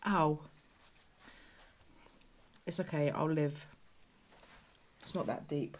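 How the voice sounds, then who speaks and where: A woman's voice: fairly low pitch, measured pace, pauses often. A British woman casually reviewing rations on her channel, chatty and exclaiming over the food, sometimes dropping to a near-whisper.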